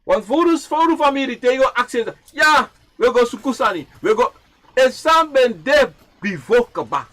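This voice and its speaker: A man teaching about ancestral tradition, and his voice sits high for a man and leaps around constantly. He repeats phrases almost like a chant, and drops from loud, raised lines into near-whispers. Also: lively intonation, normal speed. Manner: repetitive, chanting phrases, swinging from loud to hushed. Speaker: livestream speaker.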